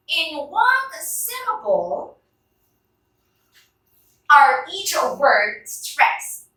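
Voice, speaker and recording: Slow, bright-voiced Filipino woman teacher. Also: high voice. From Philippines. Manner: encouraging, drills words aloud with the class. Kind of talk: classroom teaching demonstration. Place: classroom. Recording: roomy echo, voice from far off.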